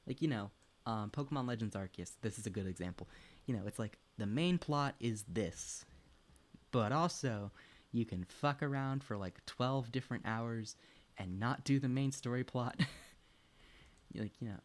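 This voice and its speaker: At home, a young man streams a farming game and chats casually, rambling, swearing a lot, laughing between thoughts, and talking to his pet and chat. His medium-pitched voice is expressive and moves at a normal speed.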